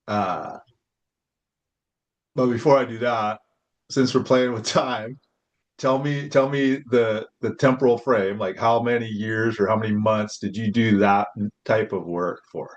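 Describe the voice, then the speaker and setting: A man's voice: lowish voice, unhurried, lo-fi sound. A man hosting a casual conversation, talking in a reflective, hesitant way with many fillers. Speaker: host.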